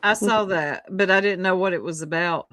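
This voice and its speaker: Bright-voiced woman co-host. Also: lowish voice, moderate pace, no room sound, clean studio sound. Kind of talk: casual live-stream chat.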